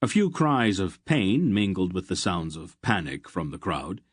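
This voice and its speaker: A man reading a fantasy audiobook in a measured, steady narration. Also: sits low, slightly rough, dry recording, studio quality.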